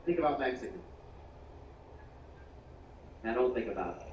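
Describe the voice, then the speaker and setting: A man telling a stand-up story with lots of energy. He swings from hushed asides to loud bursts and uses slang and swearing. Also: medium pitch, lively intonation, moderate pace. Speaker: stand-up comedian. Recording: roomy, distant, muffled, with clear background noise.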